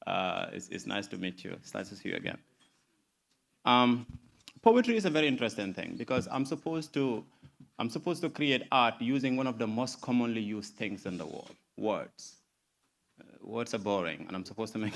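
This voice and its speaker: A man's voice: lowish voice, lively intonation, normal speed, creaky. A young man from the Gambia, a spoken word poet at a breakfast meeting, who chats nervously and then delivers his poem in a rising, declaiming rhythm. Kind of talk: spoken word poetry performance. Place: conference room at a breakfast meeting.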